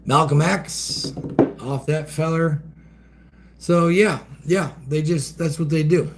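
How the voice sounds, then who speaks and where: Speaking slowly with fairly even intonation, this man has a voice on the high side, and there's heavy background noise. He's a livestream host reading chat, reacting and ranting in folksy, profane fashion from an outdoor shed whose door stands open.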